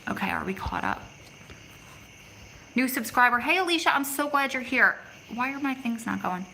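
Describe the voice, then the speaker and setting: A woman's voice: on the high side, animated, normal speed, gravelly, pushed and bright, slight background noise, low-quality recording. A middle-aged woman hosting a casual livestream outdoors on her phone, chatty and reading out viewers' comments as she answers them. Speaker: vlog host reading live chat. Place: outdoors in the city at evening.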